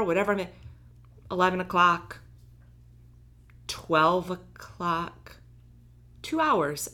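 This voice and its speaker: A woman telling a personal story in casual chat, animated, acting out the lines of the people in it. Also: medium pitch.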